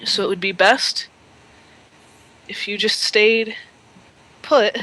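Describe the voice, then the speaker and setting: Nervous young man pleading to avoid a fight, as a woman voices him; bright, forward tone. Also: medium pitch, takes it slowly, rough recording. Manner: pleading, shaky, trying to calm.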